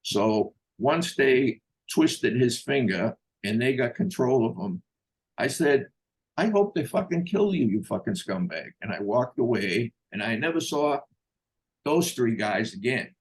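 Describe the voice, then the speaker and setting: A man's voice: medium pitch, unhurried, slightly rough. An older man telling a personal story in a blunt, profane way, acting out the voices of the people he quotes. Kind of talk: casual storytelling.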